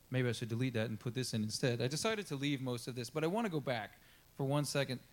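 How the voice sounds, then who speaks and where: A man preaching a sermon in a loose, conversational way, with frequent casual asides to the congregation. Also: mid-range voice. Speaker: pastor.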